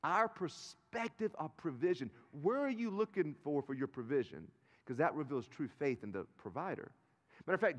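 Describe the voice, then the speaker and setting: A fairly high-voiced man in his thirties preaches to his congregation in a relaxed, storytelling way, often asking them questions as he goes. His voice carries a long reverb, as if recorded live from a church stage mic. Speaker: pastor. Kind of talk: sermon. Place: large church sanctuary. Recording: live sermon in a reverberant sanctuary.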